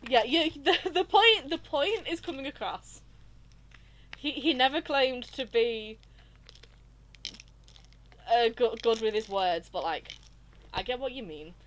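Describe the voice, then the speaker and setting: A woman's voice: a little high, lively intonation, takes it slowly, pauses often, a bit bright. A woman streaming a game, chatting casually in a gushing, rambling way. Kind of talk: casual live-stream chat over gameplay.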